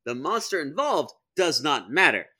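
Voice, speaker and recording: Man, casual comedic debate, very bright tone, lively swinging pitch, laughs often. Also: moderate pace. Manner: animated, laughs often, quotes people in put-on voices. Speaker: podcast co-host.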